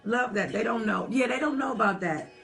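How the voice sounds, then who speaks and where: A woman hosting a late-night livestream from home, chatting softly and reading viewer comments aloud. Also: fairly high pitch, fairly quick, creaky. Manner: chatty, talks to viewers as y'all, soft half-whispered. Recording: faint music behind the voice. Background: old-school music playing.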